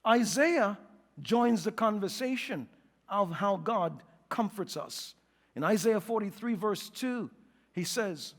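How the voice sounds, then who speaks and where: Animated New York preacher in an echoing hall. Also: male voice, high-pitched. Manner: animated, acts out quotes and jokes, then slows and softens for scripture. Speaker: pastor. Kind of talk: sermon.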